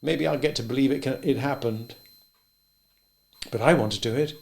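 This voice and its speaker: A man voicing a wry, stubborn old male farmer who speaks gently and thoughtfully, a bit louder than his narration. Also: medium pitch, normal speed, gravelly, pitched above the performer's own voice, close to an everyday voice. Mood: wistful.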